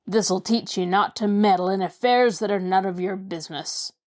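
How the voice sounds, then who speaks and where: A woman's voice: mid-range voice, normal speed, lightly acted. A woman voicing a ruthless, boastful male crook who sneers and gloats. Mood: leering.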